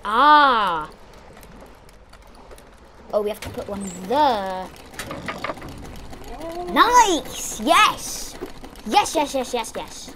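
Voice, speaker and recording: A woman giving excitable, chatty let's-play commentary, exclaiming as she plays. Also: a little high, very slow, long pauses, background noise. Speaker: gamer.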